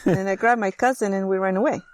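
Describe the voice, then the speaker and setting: A woman's voice: mid-range voice, quick pace. A woman from Chile, telling a childhood story in casual chat and acting out the people in it. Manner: animated storyteller acting out quoted voices. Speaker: host.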